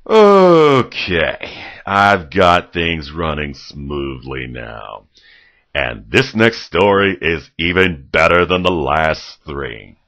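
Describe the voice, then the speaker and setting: Man doing a boastful excited storybook narrator, loud, rambling, pitch leaps all over, bright. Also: slow pace, full character voice.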